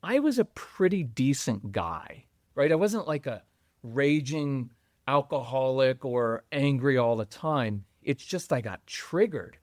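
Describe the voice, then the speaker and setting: A middle-aged man guesting on a podcast about parenting, who talks in an animated, conversational way and acts out what other people say. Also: unhurried, no room sound, clean studio sound. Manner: animated, acts out quoted voices with jumps in pitch. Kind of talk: conversational interview.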